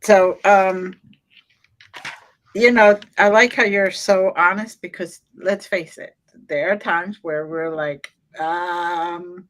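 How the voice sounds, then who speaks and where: A woman's voice: lowish voice, steady tone, slow pace. A woman co-hosting an interview, chatting casually and encouraging her guest. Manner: encouraging, sprinkles in listening sounds. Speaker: co-host.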